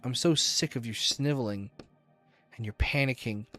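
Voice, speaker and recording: A man's voice: medium pitch, normal speed, sharp tone, dry recording, faint music behind, natural voice. A man voicing a contemptuous, bratty young man in a narrative game, snapping out scornful lines.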